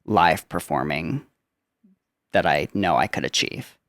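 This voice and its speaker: A man's voice: sits low, measured pace, gravelly, a bit bright, dry recording, clean studio sound. A young man, a guest on a podcast, chatting casually about his work as a theme park character performer, with many filler "like"s.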